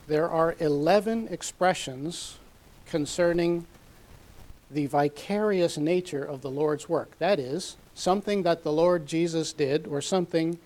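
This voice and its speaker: A man delivers a Bible teaching sermon in a voice a little higher than most men's. He lays out the passage methodically, section by section. When he quotes scripture, he gives the words extra weight. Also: darkish tone. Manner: measured, methodical, reads scripture aloud with emphasis. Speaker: preacher.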